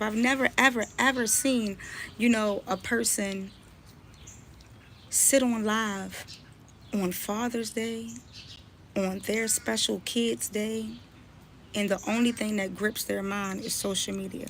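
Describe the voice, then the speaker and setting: A woman's voice: medium pitch, fairly even intonation, takes it slowly, vocal fry, long pauses, slight background noise. A woman blogger and mother ranting on a live stream, scolding and confronting someone she is talking about. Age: adult, mother.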